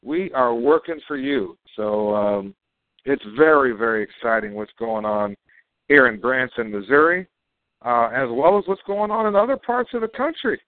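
A man's voice: mid-range voice, lively intonation, moderate pace, no room sound. A man co-hosting a live call broadcast, chatting in a rambling way with fillers and frequent laughs. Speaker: co-host and company chairman. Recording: tinny phone-like dry sound.

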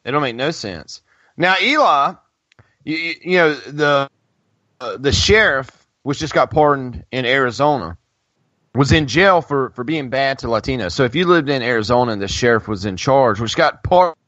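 A man's voice: mid-range voice, animated, moderate pace, fairly bright tone, no room sound, highs cut off. Stammering podcast co-host man. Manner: stammering, repeats words. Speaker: podcast co-host reading chat. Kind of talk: casual podcast chat.

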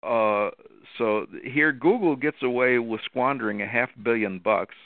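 A man's voice: mid-range voice, a little slow, no echo. Indignant man caller on a phone line. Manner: indignant, ranting about wasted money. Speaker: regular caller. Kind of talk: call-in commentary.

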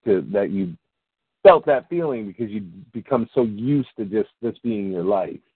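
A man hosting a casual call, asking a halting, rambling question. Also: on the low side, expressive, breathy edge, no room sound. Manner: halting, repeats words while forming questions. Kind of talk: casual interview chat. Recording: tinny phone-like line, dry.

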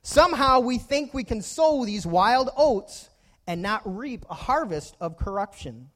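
Man, pastor, very high voice, preaching a sermon, storytelling, asks the congregation questions. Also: sing-song, unhurried, fairly bright tone.

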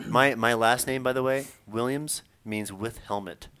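A man's voice: mid-range voice, measured pace, a bit bright, smooth. A man co-hosting a podcast, rambling casually and laughing easily. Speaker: podcast co-host. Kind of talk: casual chat.

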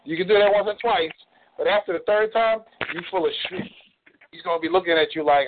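Man, blunt relationship coach, slightly high voice, tinny phone-line sound. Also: a little fast, noisy background. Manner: blunt, folksy, swears for emphasis. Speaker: relationship coach leading a call. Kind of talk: coaching over a group call.

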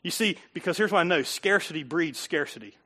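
A middle-aged man preaching a sermon in a church, talking conversationally and swinging from loud emphasis to quiet asides. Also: fairly high pitch, animated, a little fast. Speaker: pastor.

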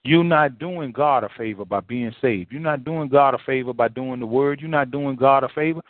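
A male pastor with a medium-pitched voice preaches at a moderate pace in a folksy, repetitive manner, packing in rhetorical questions. The recording is dry, with a tinny phone-line sound.

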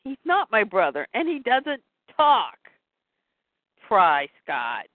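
A woman reading aloud and voicing a blunt, bossy warrior woman in a deadpan way, heard over a tinny phone-like line. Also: mid-range voice, slow pace, no room sound.

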